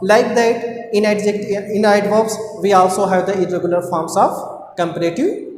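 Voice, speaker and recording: A man with an Indian English accent teaching a grammar lesson, explaining slowly and patiently with many repetitions. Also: sits high, fairly even intonation, a little hiss or hum. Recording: roomy echo with long reverb.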